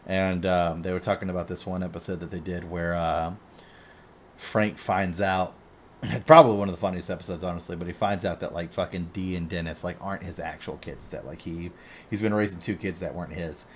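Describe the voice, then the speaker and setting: A man's voice: deep voice, steady tone, a little fast, slight background noise. A man hosting a podcast, telling a long rambling story in casual chat and swearing constantly. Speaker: podcast host.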